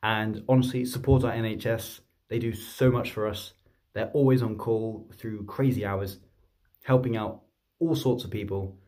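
A man, telling a story to camera in a chatty, rambling, excitable way. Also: lowish voice, moderate pace. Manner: chatty, rambling, excitable, with many fillers and restarts. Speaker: vlogger and streamer.

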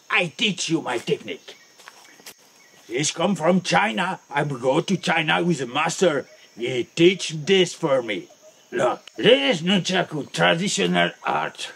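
A man's voice: a little high, creaky. A man in broken English doing a comic, swaggering martial arts demo outdoors, swearing constantly and counting out his moves. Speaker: martial arts show-off teaching a bear defense. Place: outdoors in nature. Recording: noisy outdoor camera audio. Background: crickets and insects.

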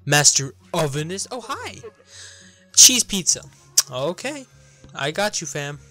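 A man's voice: a little high, sing-song, unhurried, bright, forceful tone, faint music behind. A man hosting a casual let's-play, chatting and reading game dialogue aloud as he goes, often cutting himself off mid-word. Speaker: gaming channel host. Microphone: desk mic, no webcam.

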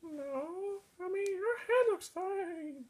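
A performer voicing a quiet, timid plush ghost that speaks softly in a homemade plush video. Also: very high voice, lively intonation, takes it slowly, heavily acted. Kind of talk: plush toy puppet video.

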